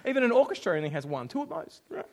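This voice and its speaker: A man's voice: extremely high pitch, fast, creaky, background noise. A young Australian man preaching a sermon as pastor, joking and acting out quoted voices. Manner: jokey, animated, acts out quoted voices.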